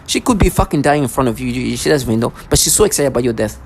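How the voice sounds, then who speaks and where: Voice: mid-range voice, expressive, very fast, vocal fry, slightly rough. A vlogger ranting to camera in an agitated, accusatory way, full of sarcasm and stammered restarts.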